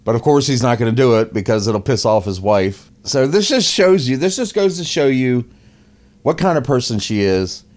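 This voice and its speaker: A man's voice: mid-range voice, lively intonation, normal speed, a little mellow. A man casually mocking a news story as a podcast host, laughing often and repeating himself. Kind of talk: casual opinion commentary.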